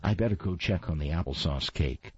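A man's voice: sits low, a little fast, breathy edge. A man reading a storybook, voicing a flustered, apologetic minister's wife. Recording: slightly dull, dry recording.

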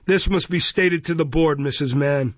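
A man's voice: a little high, a little slow, gravelly, breathy edge, dry recording, pitched above the performer's own voice, full character voice. Mr Bumble, a pompous blustering beadle, voiced by a man. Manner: blustering, loud and imperious. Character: pompous bullying male parish beadle, middle-aged. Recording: dull, dry lo-fi recording.

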